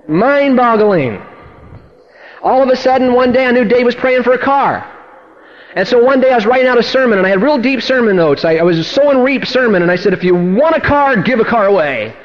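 Male pastor, high and fast-talking, telling sermon stories live, acting out every voice, dull lo-fi tape. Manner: animated storyteller acting out dialogue, swinging from loud to hushed. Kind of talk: sermon testimony storytelling. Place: church service.

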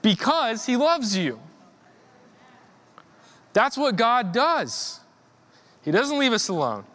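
A man's voice: very high-pitched, sing-song, takes it slowly, pushed and bright. A man giving an informal sermon in a church, conversational, repeating words and rising in emphasis. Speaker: preacher.

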